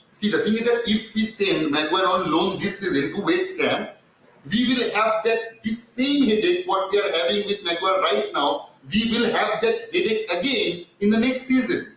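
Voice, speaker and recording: A man's voice: sits high, a bit bright, a little hiss or hum. A man with a cracked voice, hosting a casual football fan chat and rambling with repeated words and fillers. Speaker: fan channel host. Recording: distant mic in a very echoey room.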